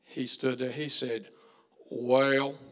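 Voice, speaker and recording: A man's voice: high voice, lively intonation, normal speed, pushed and bright. A man doing stand-up, telling folksy stories on stage and acting out the people in them. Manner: folksy drawl, acts out characters in his jokes. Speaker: stand-up comedian. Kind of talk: stand-up storytelling. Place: stage before a live audience.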